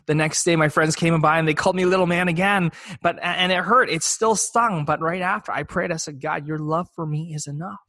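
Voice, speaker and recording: A man's voice: high voice, a little fast, hardly any pauses, bright, forceful tone, dry recording. A young man giving an earnest, reflective personal faith testimony, often repeating words as he searches for them. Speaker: speaker sharing a faith testimony.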